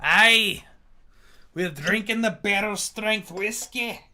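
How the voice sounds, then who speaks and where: A man putting on a deliberately bad, jokey Scottish accent. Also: high-pitched, heavy background noise, voice pushed up. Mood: playful. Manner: hammy, self-mocking.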